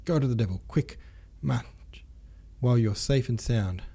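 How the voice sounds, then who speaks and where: A man voicing a hot-tempered hussar captain who lisps his r sounds as w and talks loudly and bluntly. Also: medium pitch, unhurried, slightly rough. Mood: angry. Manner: lisping, r sounds as w; loud, blustering.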